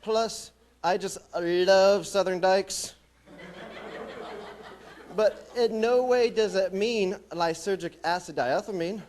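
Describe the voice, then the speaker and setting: A young man from New Mexico doing a stand-up comedy set with a deadpan, wry delivery. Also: high voice, takes it slowly. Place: small college theatre stage.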